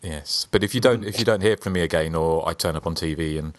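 A man hosting a film podcast in loose, teasing conversation. His voice sits very low, recorded close and dry with no room sound. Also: fast talker, no room sound. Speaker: podcast host. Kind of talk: casual chat.

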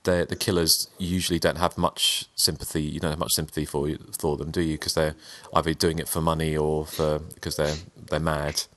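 A man's voice: very deep voice, level tone, moderate pace, few pauses, a bit bright, no echo. A man co-hosting a casual podcast chat, hesitant, with many fillers and restarts. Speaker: podcast co-host.

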